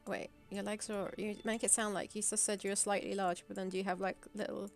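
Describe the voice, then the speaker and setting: A woman's voice: medium pitch, little pitch movement, brisk, creaky, faint music behind. A woman streaming game development, chatting casually on an online call and laughing often. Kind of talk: casual chat on a live stream.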